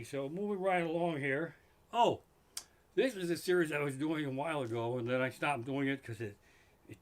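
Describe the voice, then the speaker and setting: A man's voice: fairly high pitch, fairly bright tone. A middle-aged man, a stand-up comedian, doing an exasperated, profane comedy rant live from his living room. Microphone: microphone in front of him.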